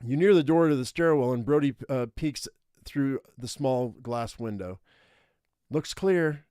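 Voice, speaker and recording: A man's voice: medium pitch, normal speed, dark tone, smooth, no echo, studio quality. Man thinking aloud over game choices. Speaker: streamer. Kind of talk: reading an interactive story aloud with live commentary.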